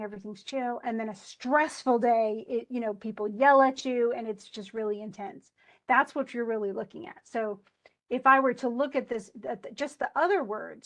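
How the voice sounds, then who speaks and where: Teacher woman walking through poetic stress. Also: on the high side. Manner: thinking aloud with restarts, slowing to stress words. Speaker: poetry teacher. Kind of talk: live tutoring on meter.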